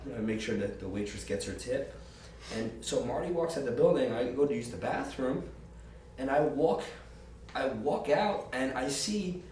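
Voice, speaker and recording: A man telling a long, profane, animated story in a casual interview, quoting people as he goes. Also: medium pitch, recorded from a distance, a little hiss or hum. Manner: profane, animated anecdote with quoted voices. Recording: roomy, off-mic with faint ambience.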